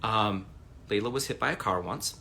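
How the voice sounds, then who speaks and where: A man's voice: fairly low pitch, normal speed, gravelly, slight background noise. A man in his forties talking to viewers on a phone livestream from home, rambling and swearing as he tells stories. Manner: rambling, profane, animated storytelling. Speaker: livestream host. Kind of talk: casual livestream monologue.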